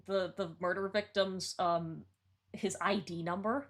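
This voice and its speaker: A woman talks casually on a live stream, reviewing song lyrics with excited, rambling commentary. Her speech is full of fillers and quick restarts. Her pitch sits mid-range for a woman. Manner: chatty and excitable, frequent "like" and restarts.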